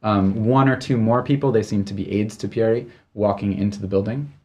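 A man narrating a tabletop game as game master, relaxed and halting, with many fillers. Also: fairly low pitch.

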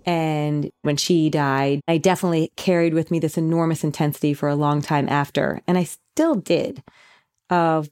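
A woman's voice: low-pitched, steady tone, moderate pace, darkish tone, smooth. A woman, a company founder, telling a personal story in a candid, rambling way, with fillers and restarts.

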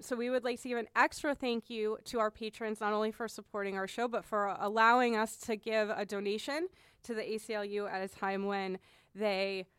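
A woman hosting a podcast in a studio, chatty and quick to laugh, often restarting her sentences. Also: mid-range voice, fairly bright tone, clean tone, no room sound. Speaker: podcast host. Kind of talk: casual podcast chat.

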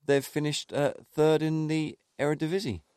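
A man co-hosting a casual football podcast, chatty and halting with many restarts. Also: on the high side, level tone, darkish tone, smooth, no room sound, studio quality. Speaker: podcast co-host.

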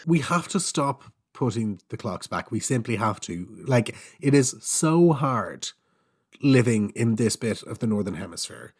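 A man's voice: medium pitch, expressive, unhurried, darkish tone, husky. A man, a parent of a young child, co-hosting a casual panel chat and ranting with emphatic mock outrage. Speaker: podcast co-host.

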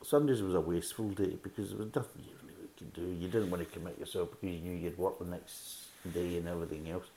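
A man's voice: sits low, steady tone, fast talker, hardly any pauses, mellow, slight background noise. A middle-aged man giving a casual, rambling beer review with chatty asides. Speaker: beer reviewer, podcast host. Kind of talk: casual tasting review and chat.

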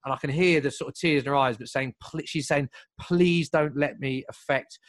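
A young man telling a long story in casual chat, lively and full of asides and restarts. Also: fairly high pitch, no echo. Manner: animated, fast, piles up asides and restarts.

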